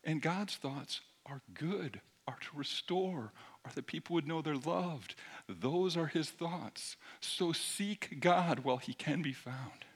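A middle-aged man preaching a sermon in a conversational way, dropping at times to a hushed near-whisper. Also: on the high side, slow pace, breathy edge. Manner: conversational, shifts between loud emphasis and hushed near-whisper. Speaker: pastor.

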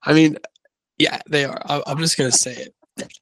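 A man's voice: fairly high pitch, steady tone, moderate pace, fairly bright tone, no echo, poor audio. A man co-hosting a casual podcast, rambling and correcting himself as he talks through his picks. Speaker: podcast co-host. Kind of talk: casual sports-betting chat.

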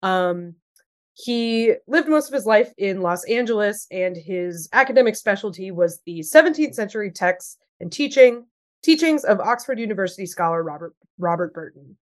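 Woman, thirties, podcast host, casual chat, lots of fillers, mid pitch. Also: expressive, normal speed. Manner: chatty, swearing, lots of fillers.

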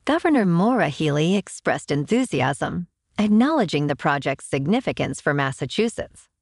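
A woman's voice: low voice, very animated, normal speed, a little hiss or hum. A woman hosting a podcast, reading scripted news and signing off in an upbeat, chatty way. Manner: upbeat, chatty sign-offs. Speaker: podcast host.

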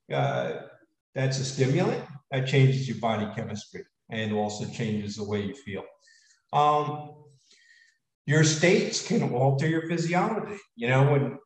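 A man giving an animated motivational talk to an audience, with frequent fillers. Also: a little high, reverberant, distant mic, poor audio. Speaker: speaker.

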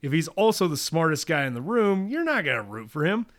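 A man co-hosting a casual podcast chat, excitable and quick to laugh, reading notes aloud between jokes. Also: on the high side. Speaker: podcast co-host. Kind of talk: casual chat about a cartoon series.

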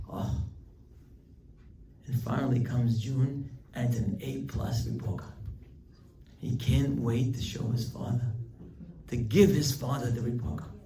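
A rabbi teaching his weekly class in an animated storytelling manner, with his pitch shooting up high for emphasis. His mid-range voice echoes around an indoor room. It is picked up from some distance, with faint ambience underneath. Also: background noise. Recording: roomy hall, distant mic, faint ambience.

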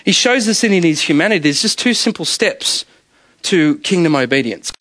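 A man's voice: a little high, animated, normal speed, a bit bright, no echo. A man, preaching an evening sermon in a conversational, storytelling way with frequent laughter.

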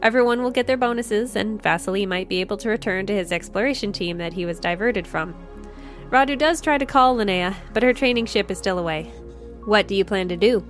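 A woman narrating a science fiction story in a steady, measured reading. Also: medium pitch. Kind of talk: audiobook narration. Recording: faint music behind. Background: faint music.

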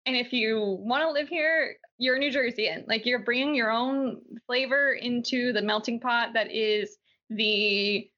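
A woman's voice: fairly high pitch, measured pace, pushed and bright, lo-fi sound. A woman co-hosting a podcast, chatting casually through the week's news with frequent laughs and "like" fillers. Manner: giggly, chatty, many "like" fillers. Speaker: podcast co-host. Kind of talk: casual news-review chat.

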